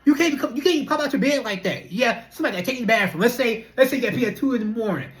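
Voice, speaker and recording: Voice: mid-range voice, rapid-fire. Young vlogger just rambling to the camera, chatty, lots of "listen" and "you know". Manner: animated, chatty, full of rhetorical questions and repeated fillers. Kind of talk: casual talking-to-camera monologue.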